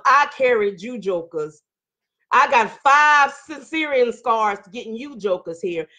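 A woman's voice: sits high, fairly bright tone. A middle-aged woman hosting a live online talk show, reading viewer comments and preaching with fired-up energy, hollering at times.

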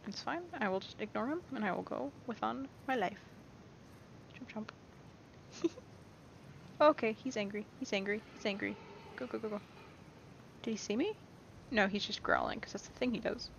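A woman's voice: medium pitch, brisk, gravelly, pauses often. A young woman giving casual, rambling let's-play commentary, playful and often reassuring herself. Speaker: gameplay streamer. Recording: dull lo-fi mic with faint hiss.

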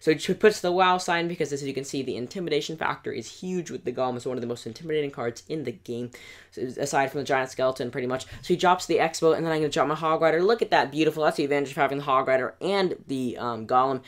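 A gaming channel host giving excitable play-by-play commentary over battle replays, voice going hoarse, recorded as a voice-over at a computer. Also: medium pitch, quick pace. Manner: excitable play-by-play, rising to yelps at big moments.

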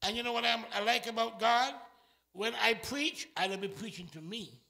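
A man from St preaching a sermon in a church, shifting from quiet talk to impassioned shouting. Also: very high voice, moderate pace, vocal fry.

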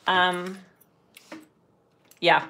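A woman's voice: on the low side, flat delivery, drawn-out words, creaky, bright, forceful tone, slight background noise. A middle-aged woman leading a live sewing tutorial. She explains steps as she works, chats casually and hums filler sounds while she sews. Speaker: sewing instructor and shop owner.

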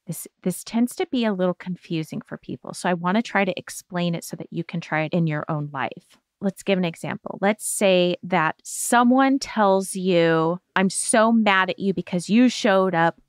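A woman hosting a self-help show, explaining a healing exercise in a gentle, reassuring coaching tone. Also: on the low side, normal speed, hardly any pauses, no room sound, studio quality. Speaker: podcast host giving therapy advice.

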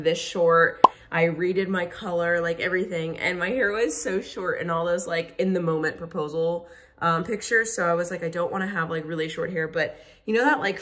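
A young woman talking casually to the camera for her vlog, chatty and excitable, full of fillers. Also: fairly low pitch. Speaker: vlogger.

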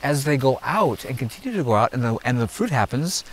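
A man's voice: medium pitch, sing-song, brisk, slight background noise, rough recording. A man guiding a group through a garden outdoors, teaching in an emphatic, preachy way and repeating his points. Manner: emphatic and preachy, repeats phrases, asks "are you hearing me?". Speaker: gardener leading a garden tour.

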